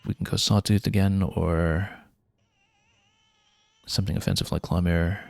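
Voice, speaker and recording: A man's voice: sits low, flat delivery, measured pace, vocal fry, no echo. A man streaming a video game, thinking aloud and planning his next moves with casual fillers. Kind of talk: casual gameplay commentary.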